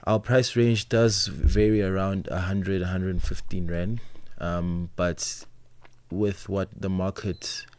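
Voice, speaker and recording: A South African man, a restaurant owner, explaining his business in a measured, businesslike way on a radio interview. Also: sits low, little pitch movement, a little mellow.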